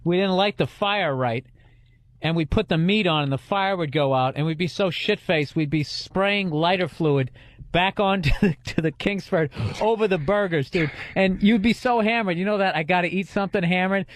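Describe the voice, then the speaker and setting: A man's voice: high voice, normal speed, no echo, clean studio sound. A man hosting a comedy podcast in casual chat, telling crude, rambling stories full of restarts.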